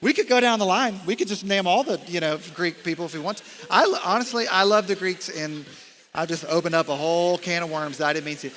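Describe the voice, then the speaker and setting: A young man preaches with a bright, forceful voice pitched a little high. He gets animated and keeps drifting into jokes and off-script asides. His stage mic carries a long reverb through a large church hall. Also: fast talker. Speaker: college ministry director. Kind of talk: sermon.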